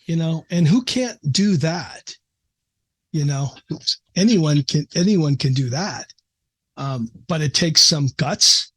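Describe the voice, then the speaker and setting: Middle-aged man guest, husky, slightly high voice, earnest storyteller. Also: animated, slow pace, fairly bright tone. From American Midwest. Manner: earnest, emotional storyteller, frequent restarts. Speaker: psychiatrist guest. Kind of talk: casual interview storytelling.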